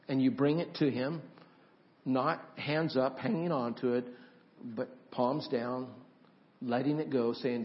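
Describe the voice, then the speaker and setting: A man preaching a sermon, telling a childhood story with rising suspense, then softening to a quiet, gentle invitation. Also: a little high, expressive, slow, dull audio. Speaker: pastor.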